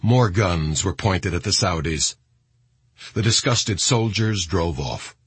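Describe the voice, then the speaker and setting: A man narrating an audiobook in a grave, expressive reading. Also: sits low, slow, husky, no room sound.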